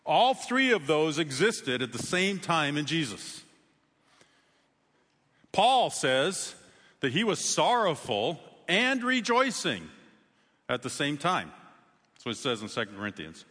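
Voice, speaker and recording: A man preaching a sermon in a conversational way, with sudden emphatic rises in pitch. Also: very animated, slow, pauses often, bright, forceful tone, long reverb tail. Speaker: pastor.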